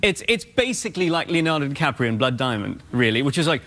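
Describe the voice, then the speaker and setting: A man's voice: a little high, big pitch swings, fast, few pauses, sharp tone. A young man from South Africa with a London-tinged accent, a talk show guest with a polite, dry, self-deprecating manner. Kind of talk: late-night talk show banter.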